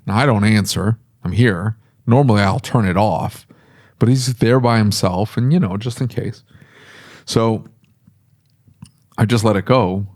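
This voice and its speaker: A middle-aged man, a shop owner, chatting casually on a podcast and telling rambling, animated stories. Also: lowish voice. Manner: rambling, animated storytelling with laughs.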